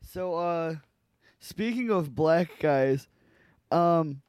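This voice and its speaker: A man's voice: a little high, lively intonation, extremely slow, a little mellow, smooth, no echo, clean studio sound. A young man co-hosting a podcast, telling a long story in a rambling, profane way with lots of fillers. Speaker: podcast co-host. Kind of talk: casual storytelling chat.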